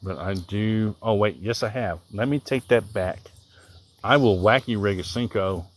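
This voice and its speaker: A man's voice: lowish voice, measured pace. A man from Southern Illinois with a mild Southern accent, chatting casually and rambling on a live stream while fishing outdoors. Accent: Southern American. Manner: rambling, easygoing, thinks aloud, reads out viewer comments. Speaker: livestreaming angler. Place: outdoors by the water.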